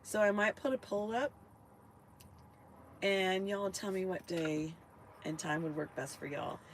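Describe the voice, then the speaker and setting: A woman's voice: medium pitch, fairly even intonation, measured pace, slight background noise, rough recording. A woman chatting casually with live-stream viewers and her dog from inside her van.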